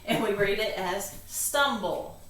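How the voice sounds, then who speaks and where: A woman's voice: mid-range voice, takes it slowly, fairly bright tone. Patient woman tutor sounding out syllables. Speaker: reading tutor. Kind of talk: step-by-step phonics lesson. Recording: echoey room, distant mic, faint hiss.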